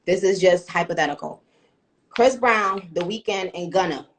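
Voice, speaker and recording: A woman's voice: fairly low pitch, normal speed, a little hiss or hum. A woman hosting a casual live-stream chat, brash and profane, teasing her guest and hurrying her along.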